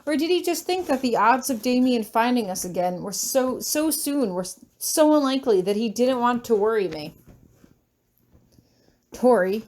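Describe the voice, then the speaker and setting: A woman reading a fan fiction story aloud in the first person, expressive in her delivery. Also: moderate pace, few pauses. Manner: expressive, shrill when shouting. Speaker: audiobook reader of fan fiction.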